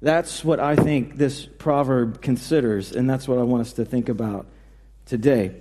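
A male pastor preaching in a relaxed, conversational way, with frequent fillers and restarts. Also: mid-range voice, moderate pace. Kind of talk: sermon. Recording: reverberant hall.

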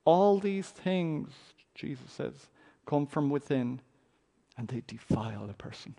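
A man's voice: medium pitch, very animated, takes it slowly, vocal fry, long pauses, dark tone. A man preaching a sermon, reading scripture aloud with a dramatic, raised voice.

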